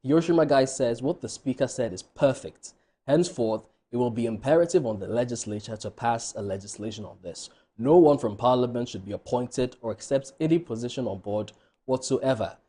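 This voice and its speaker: A Ghanaian male co-host reading viewer messages on air, steady, with dry asides. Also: medium pitch, brisk, breathy edge.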